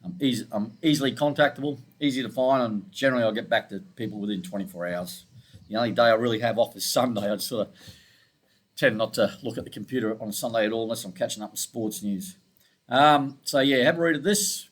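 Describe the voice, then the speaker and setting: A man's voice: medium pitch, fast. A man from Scotland with an Australian accent, walking through his trading charts in a laid-back, informal and self-deprecating way. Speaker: forex trading analyst. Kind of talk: casual screen-share market walkthrough.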